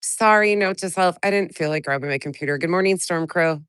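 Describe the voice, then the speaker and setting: A woman with a cold-stuffed nose hosts a casual livestream, greeting chatters by name and venting bluntly with lots of swearing. Her lowish voice is a bit bright and a little fast, with a clean, dry, studio-quality sound.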